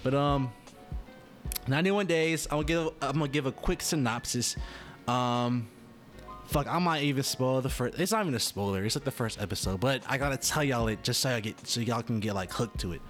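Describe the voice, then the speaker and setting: A man's voice: mid-range voice, brisk, a bit bright, faint music behind. A man talking casually to his viewers in a rambling, profane monologue that keeps interrupting itself. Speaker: vlogger.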